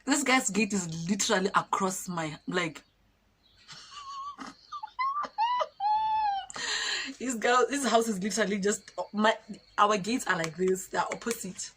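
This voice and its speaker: A woman's voice: mid-range voice, moderate pace, hardly any pauses, a little hiss or hum. Laughing young woman telling a story. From Botswana. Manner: animated, laughing, chatty storytelling. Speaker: YouTuber. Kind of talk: storytime vlog.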